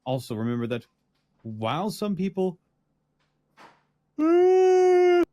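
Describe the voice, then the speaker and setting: A man voicing a gentle, loving advice-lady. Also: high-pitched, wildly swooping pitch, takes it slowly, dry recording, full character voice. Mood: caring. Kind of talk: reading an in-character advice letter.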